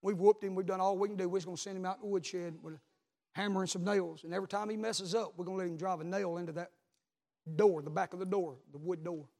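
A man, a pastor preaching a sermon, telling a story and then building to loud repeated calls. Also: high voice, fairly even intonation, quick pace, gravelly.

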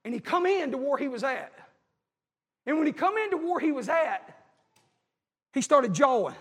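A preacher with a strikingly high voice delivers a fervent, folksy sermon. He calls out to his congregation as he preaches. His voice rings through a large, reverberant church hall. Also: lively intonation, moderate pace, fairly bright tone. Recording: echoey hall.

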